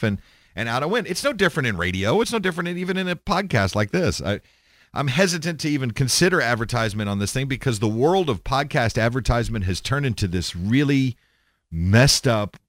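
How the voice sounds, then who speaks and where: A man's voice: medium pitch, a bit bright, no room sound, clean studio sound. A man hosting a podcast, talking in a blunt, rambling casual monologue with plenty of swearing and restarts. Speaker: podcast host.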